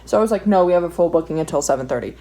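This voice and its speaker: A young woman with a somewhat low-pitched voice tells a story while drawing. She rants in a casual, exasperated way and swears freely. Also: expressive, rapid-fire, dark tone, rough recording. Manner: ranting, profane, exasperated. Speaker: vlogger.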